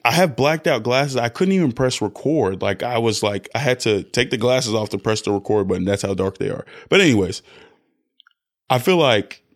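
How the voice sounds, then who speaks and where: Gravelly young man ranting on his podcast. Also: medium pitch, moderate pace. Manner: animated, self-interrupting, jumps between loud bursts and quiet asides. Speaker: podcast host. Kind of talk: solo podcast rant. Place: indoors, lying down recording at home.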